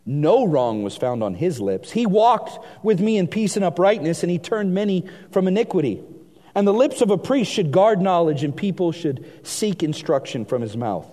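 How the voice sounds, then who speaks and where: A man preaching a sermon, reading scripture aloud and swinging between hushed and emphatic delivery. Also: fairly high pitch. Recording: long hall reverb.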